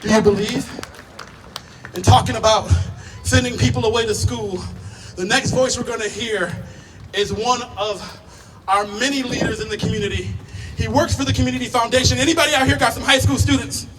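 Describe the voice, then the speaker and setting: Emcee, male: high voice, lively crowd work, distant mic with music and a loud crowd behind. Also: fairly quick. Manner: energetic, crowd-engaging, asks raise-your-fist questions. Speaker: rally emcee. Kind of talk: introducing speakers at a protest. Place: outdoor protest rally.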